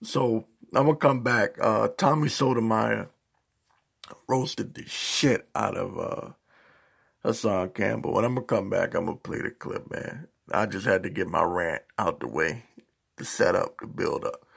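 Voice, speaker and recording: A man's voice: fairly low pitch, unhurried, gravelly, slightly rough. A man giving a casual, profane rant as a YouTube commentator, heavy on slang. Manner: profane, animated ranting with slang.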